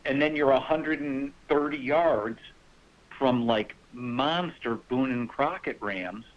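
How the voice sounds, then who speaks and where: Animated man telling hunting stories, muffled. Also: medium pitch, takes it slowly. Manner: animated, acts out quoted voices with laughter. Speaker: guest hunter. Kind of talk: casual storytelling.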